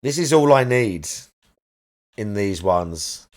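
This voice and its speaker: A man's voice: lowish voice, expressive, slow, a little mellow. A man streaming a game live, chatting casually and rambling as he searches aloud for the right words. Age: adult parent.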